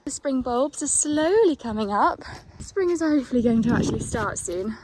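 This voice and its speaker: A woman's voice: high voice, animated, moderate pace. A woman vlogging on her phone while walking her horse outdoors, chatty and cooing to the horse, a little out of breath. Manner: chatty, coos baby talk to her horse. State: out of breath from climbing a hill. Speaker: equestrian vlogger. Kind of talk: casual vlog narration while walking a horse. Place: outdoors at a horse yard and on hills. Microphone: phone held while filming. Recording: outdoor phone audio with clear background noise.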